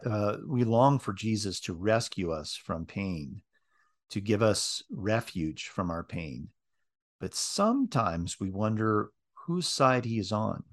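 A man gives a reflective sermon, breaking up his thoughts with ums and uhs. His voice is lowish and steady. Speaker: preacher. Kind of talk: sermon with read-aloud passages.

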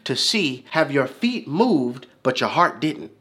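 Animated, bright-voiced male preacher. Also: a little high, a little slow, hardly any pauses, slightly rough. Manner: emphatic, repeating phrases, building in intensity. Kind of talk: sermon.

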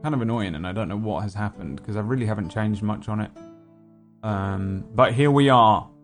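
A man hosting a live stream, talking casually in a relaxed, rambling way. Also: lowish voice, normal speed, faint music behind. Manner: laid-back, rambling explanations. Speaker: stream host. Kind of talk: casual chat.

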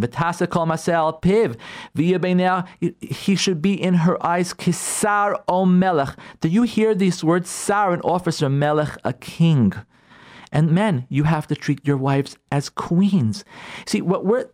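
Rabbi guy lecturing on the radio, pitch swoops all over, keeps hammering the same word. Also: expressive, a little slow. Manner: emphatic, repeats key words, acts out listeners' objections. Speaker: rabbi giving a radio talk on marriage. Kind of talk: animated radio talk on Jewish law.

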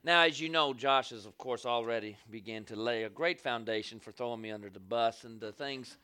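A man's voice: medium pitch, a little fast, bright, forceful tone, smooth. A man, a guest pastor opening his sermon in a church, calling for amens from the congregation. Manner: call-and-response, asks for amens. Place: church sanctuary.

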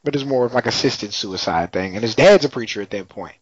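A man's voice: lowish voice, lively intonation, fairly quick, breathy edge, no room sound. A man in casual chat, retelling a TV episode in a laid-back, slangy way with frequent laughs. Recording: dry, slightly muffled lo-fi audio.

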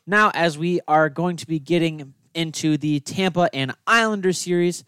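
A man's voice: on the high side, normal speed, a bit bright, smooth, no echo, clean studio sound. A young man hosting a casual sports podcast, teasing and blunt with his opinions. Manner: teasing, blunt hot takes. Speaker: podcast host. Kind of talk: casual chat.

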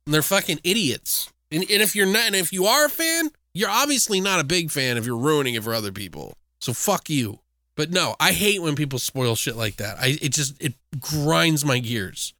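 A man co-hosting a podcast in casual, animated chat, swearing freely as he rants. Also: a little high, normal speed, no room sound, clean studio sound. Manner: animated, profane, ranting. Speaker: podcast co-host.

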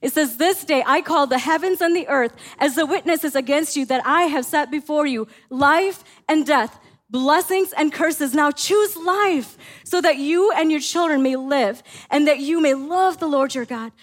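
A middle-aged woman pastor preaching a sermon, telling family stories in an animated way and acting out her own lines. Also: high-pitched, unhurried. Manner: animated storytelling, acts out her own quotes.

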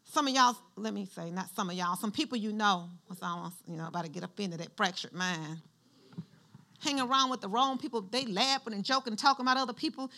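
A woman's voice: mid-range voice, brisk, pushed and bright. A woman pastor preaching a sermon in church, using call-and-response and having the congregation finish her lines.

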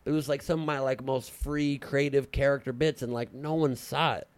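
A man in his late thirties, a comedian, telling stories in an animated, casual podcast chat. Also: medium pitch, no room sound. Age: late 30s. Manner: fast, animated storytelling with fillers.

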